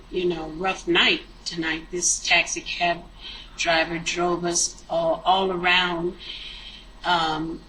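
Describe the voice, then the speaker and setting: A woman's voice: fairly low pitch, bright, forceful tone, slight background noise, low-quality recording. A woman who works a hotel front desk, recalling what she saw in a witness interview, hesitant and full of fillers.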